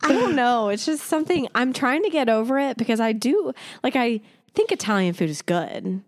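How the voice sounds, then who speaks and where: A woman's voice: a little high, sing-song, moderate pace, no echo, studio quality. A young woman co-hosting a casual podcast chat, giggling and laughing often as she talks. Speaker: podcast co-host.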